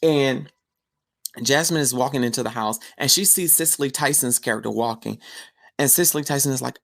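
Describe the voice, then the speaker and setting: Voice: mid-range voice, fairly quick, gravelly, a bit bright. A podcast host giving a casual, chatty film review recap, telling the story with slangy asides.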